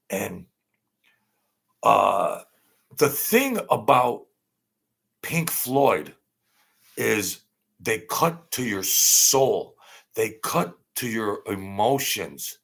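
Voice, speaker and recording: A man hosting an unscripted live-stream chat, rambling and animated, laughing often as he talks. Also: on the low side, takes it slowly, creaky, pauses often, husky. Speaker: channel host.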